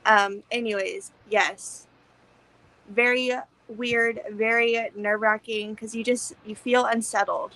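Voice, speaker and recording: A woman's voice: fairly high pitch, steady tone, slow, fairly bright tone, rough recording. A young woman co-hosting a podcast, chatting casually about a movie, swearing freely and acting out scenes. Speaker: podcast co-host.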